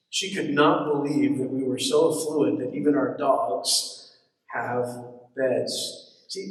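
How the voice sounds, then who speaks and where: A man preaching a sermon in a conversational style full of chatty asides. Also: medium pitch. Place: church hall. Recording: echoey hall from far off.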